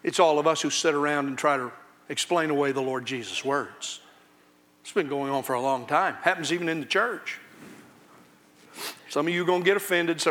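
A man, a pastor, preaching an impassioned sermon in church, swinging between loud high outcries and low, quiet warnings. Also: brisk, long pauses.

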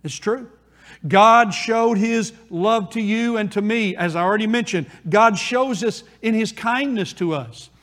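A male pastor delivers a sermon to his congregation, hammering key phrases through repetition and drawing them out slowly for weight. His voice sits high for a man. The sound carries the long reverb of a church sanctuary. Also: a bit bright. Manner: preaching with emphatic repetition and rising, slowing phrases.

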